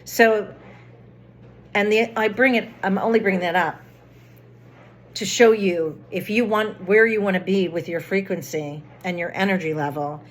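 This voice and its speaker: A woman's voice: mid-range voice, normal speed. A woman vlogger chatting casually, rambling through a personal story with many restarts and fillers.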